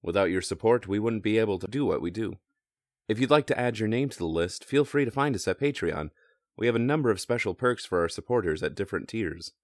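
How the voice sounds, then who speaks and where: A man with a lowish voice narrates a tabletop game as its host and game master. He talks in a relaxed way, pausing on fillers, and the sound is dry and close. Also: no echo. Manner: relaxed, with frequent filler hesitations.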